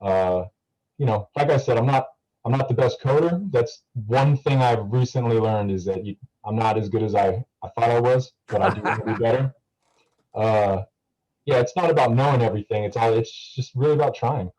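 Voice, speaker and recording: A man's voice: mid-range voice, fairly quick, darkish tone, low-quality recording. A young man talking casually to a class over a video call, rambling with many fillers and restarts. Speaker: student guest speaker.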